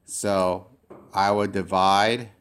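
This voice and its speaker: A male teacher giving a recorded lesson, talking haltingly with many fillers and restarts and sounding words out slowly. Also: sits low, little pitch movement, a bit bright, smooth. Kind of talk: recorded classroom lecture.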